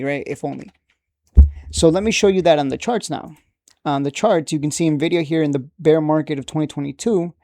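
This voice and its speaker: Gravelly man explaining charts casually. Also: on the high side, dark tone, no room sound, clean studio sound. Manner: conversational, keeps asking "right?". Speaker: trading educator.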